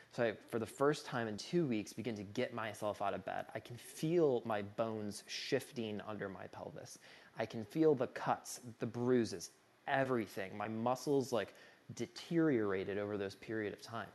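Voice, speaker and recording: A man's voice: medium pitch, animated, moderate pace, a little mellow. A young man telling a personal story in an earnest, conversational way, full of casual fillers and speaking of his own grief with feeling.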